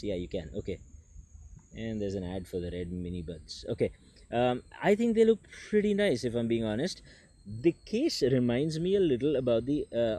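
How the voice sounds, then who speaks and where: A man chats through an earbud unboxing in a relaxed, mellow voice at a middle pitch. He is chatty and jokes about himself as he talks to the camera. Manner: chatty, self-deprecating, jokes aside. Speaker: tech reviewer. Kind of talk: casual unboxing vlog. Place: indoors with people nearby.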